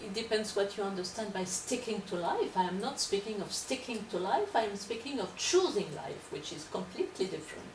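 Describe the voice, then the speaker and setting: A woman's voice: mid-range voice, animated, fairly quick, few pauses. A woman lecturer answering questions in an academic discussion, hesitant and repeating words as she searches for her phrasing. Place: lecture hall. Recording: echoey room, distant mic, background noise.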